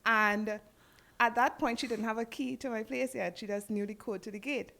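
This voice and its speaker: A woman with a Trinidadian accent, a podcast guest telling her story in a casual interview and acting out the dialogue in a lively way. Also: on the high side, quick pace, gravelly.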